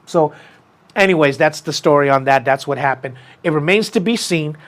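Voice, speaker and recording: Animated man telling a story. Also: a little high, moderate pace. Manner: animated, acts out quoted people in a raised voice. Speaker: podcast host. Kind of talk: casual storytelling chat.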